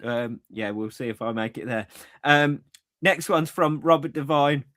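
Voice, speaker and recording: A man's voice: medium pitch, fairly even intonation, measured pace, a bit bright. A man co-hosting a podcast, chatting casually and reading out listener comments with easy laughs. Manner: chatty, laughs easily, many fillers. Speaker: podcast co-host.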